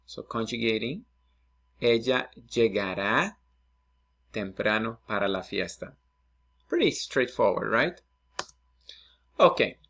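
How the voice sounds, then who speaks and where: Slow, gravelly male Spanish teacher. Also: mid-range voice, fairly bright tone. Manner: patient, explains step by step, checks in with "right?" and "okay?". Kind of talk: recorded online lesson.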